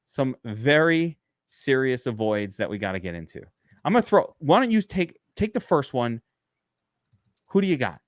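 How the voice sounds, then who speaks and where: A man co-hosting a fantasy football podcast with emphatic, rapid-fire delivery. His voice sits at a middling pitch and sounds dry and close, with no room around it. He talks in loose, animated banter. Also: dry recording. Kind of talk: casual sports podcast banter.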